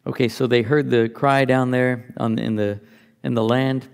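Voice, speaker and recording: A man's voice: mid-range voice, level tone, normal speed, creaky, smooth, long reverb tail. A man teaching from the Bible, reading passages aloud and explaining them in a conversational, think-aloud way.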